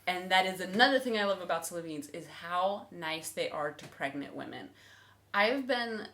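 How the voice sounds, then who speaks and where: Speaking at a moderate pace in a lowish voice, this young woman from the United States shares stories on her vlog in a casual chat. She's animated and slips into other people's voices as she goes.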